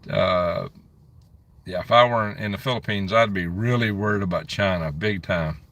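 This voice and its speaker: A man's voice: deep voice, normal speed, a bit bright, far from the mic. A man hosting a casual live stream on his phone, chatting and grumbling as he reads out where viewers are from. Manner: reads out viewer comments and locations.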